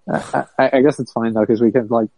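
A man co-hosting a podcast in casual chat, laid-back and quick to laugh. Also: medium pitch, steady tone, warm tone, breathy edge, no echo, poor audio. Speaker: podcast co-host.

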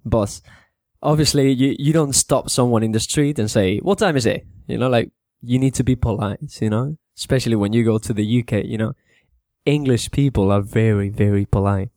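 A man teaching English to Spanish speakers in a casual spoken lesson, repeating words slowly to show how they sound. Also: mid-range voice, dry recording, studio quality. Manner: relaxed, repeats words slowly to model pronunciation, mixes in Spanish.

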